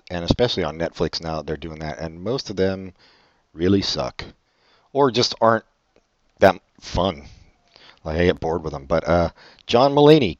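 A man co-hosting a casual podcast chat, sarcastic and teasing, often trailing off quietly. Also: low-pitched, no room sound. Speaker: podcast co-host. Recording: dull lo-fi audio.

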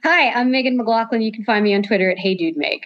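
A woman co-hosting a casual podcast, telling halting stories and giggling often. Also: a little high, muffled recording. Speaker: podcast co-host.

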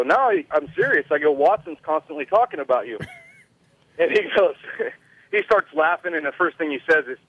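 A man's voice: on the high side, husky, no echo. A man from California calling in to a radio show, telling a story with frequent laughs. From California, USA. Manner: chatty storyteller, laughs often. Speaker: caller. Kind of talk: casual call-in chat. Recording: tinny phone line.

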